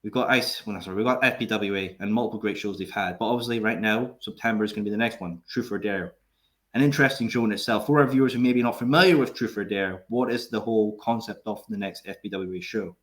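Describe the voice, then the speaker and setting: A man's voice: on the low side, quick pace, fairly bright tone. A man hosting a podcast over a video call, joking and trying to keep the peace. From Scotland. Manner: joking, laid-back, tries to keep the peace. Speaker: podcast host. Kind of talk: casual interview chat.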